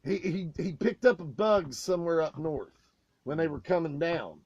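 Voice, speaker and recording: A man co-hosting a casual podcast, telling profane backstage stories with loud, animated outbursts. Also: on the high side, normal speed, husky, highs cut off. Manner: loud, swearing, animated retelling with raised outbursts.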